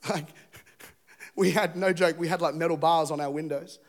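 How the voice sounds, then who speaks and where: Preaching from a church stage, a high-voiced Englishman in his thirties tells a story with animated humor, acting out every scene at a moderate pace.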